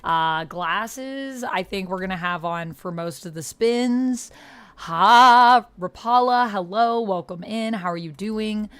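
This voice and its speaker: A woman streamer chatting casually on a livestream, effusively thanking viewers with excited outbursts. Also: medium pitch, measured pace, hardly any pauses.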